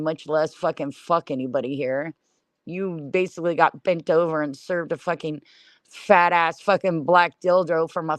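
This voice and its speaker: A middle-aged woman livestreams a blunt, scornful rant, swearing in nearly every sentence. Her voice is low-pitched and the recording has no echo.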